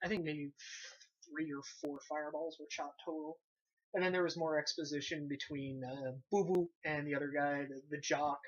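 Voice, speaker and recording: Young man, movie review host, sarcastic, animated, casual swearing, muffled lo-fi audio. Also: on the high side, moderate pace. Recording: dull lo-fi sound.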